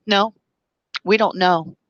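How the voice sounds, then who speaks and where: A woman's voice: medium pitch, steady tone, takes it slowly, no room sound, muffled recording. A woman hosting a live stream, speaking with passion and emotion, reading viewer comments and explaining through long analogies. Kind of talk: impassioned live-stream talk.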